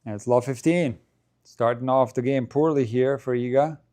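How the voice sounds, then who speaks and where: Man, live tennis watchalong commentary, casual play-by-play, warm mellow tone, mid-pitched. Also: moderate pace. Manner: chatty play-by-play, rising in excitement at big points.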